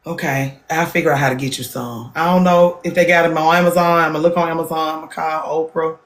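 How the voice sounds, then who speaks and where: A woman hosts a casual livestream chat, speaking bluntly and animatedly. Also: brisk. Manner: blunt and animated, jumps into higher voices for emphasis. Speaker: podcast host.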